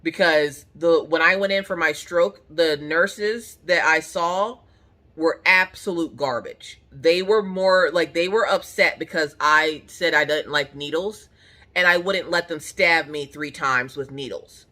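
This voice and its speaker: Bright-voiced woman telling a dramatic story. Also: sits low, a little slow. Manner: animated, dramatic, swears freely. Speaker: crafting channel host. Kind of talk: casual storytelling chat.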